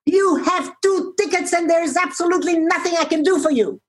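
A woman's voice: high voice, huge pitch swings, takes it slowly, warm tone, pitched above the performer's own voice, full character voice. A woman voicing an exhausted female airline counter clerk, curt and strained. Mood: shouting.

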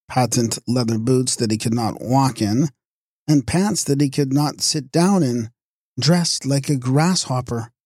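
A man's voice: on the low side, a little mellow, dry recording, studio quality. A man giving an oratorical lecture, telling scornful anecdotes with acted-out voices. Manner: sardonic, declamatory, scornful asides.

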